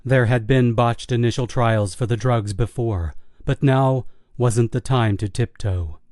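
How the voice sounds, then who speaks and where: Brief: male audiobook narrator, dark mellow tone, dry close recording, steady delivery. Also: medium pitch, no echo. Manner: steady, measured storytelling. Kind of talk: scripted horror audiobook narration.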